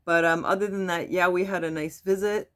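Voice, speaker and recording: A middle-aged woman giving a casual, halting personal update to her webcam, with frequent restarts. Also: lowish voice, fairly even intonation. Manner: soft, halting, with many restarts and fillers. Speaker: vlogger.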